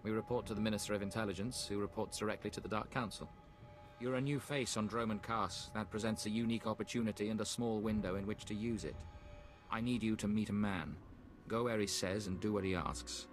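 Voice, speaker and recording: A man's voice: on the low side, steady tone, a little fast, natural voice. An actor voicing a cool, terse male imperial spymaster in a video game, speaking in clipped, formal orders. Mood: cold. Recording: game audio over loud music.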